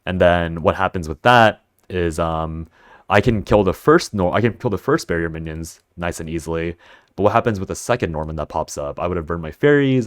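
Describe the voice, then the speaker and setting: A man's voice: sits low, no room sound, studio quality. A man giving a casual gameplay breakdown of a card game, thinking aloud and correcting himself mid-sentence.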